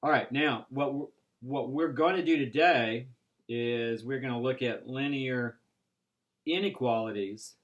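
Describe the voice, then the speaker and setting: A man teaching an algebra class, explaining step by step in a patient way with frequent pauses and "right?" checks. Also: mid-range voice, highs cut off. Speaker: math instructor. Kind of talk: recorded classroom lecture.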